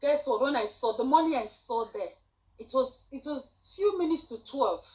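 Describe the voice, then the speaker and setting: A woman, a student nurse telling her story in an animated, chatty way on a group call. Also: high-pitched, normal speed, highs cut off. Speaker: student nurse sharing a testimony.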